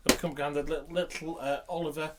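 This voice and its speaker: A man's voice: fairly high pitch, flat delivery, fast talker, noisy background. A middle-aged man, a podcast co-host swearing and teasing his friends in casual banter.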